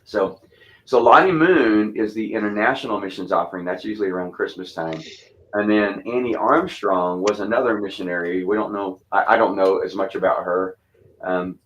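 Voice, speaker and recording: A Texas pastor in his fifties speaks at a moderate pace about church missions, the audio dull with a little hiss or hum. Low-voiced with a light twang, he tells his stories in a relaxed, rambling way full of restarts and fillers.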